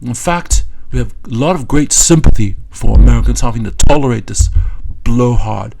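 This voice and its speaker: A man mocks his subject in satirical commentary, his voice gravelly and frayed at the edges. He speaks at a middling pitch in a scornful, stop-start way, pausing often and filling the gaps with small hesitations. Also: animated, background noise. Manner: scornful, stop-start delivery with many fillers. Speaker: political commentator.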